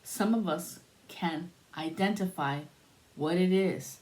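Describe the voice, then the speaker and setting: A woman telling a spiritual story in a soothing, drawn-out way, pausing between phrases. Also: fairly low pitch, darkish tone.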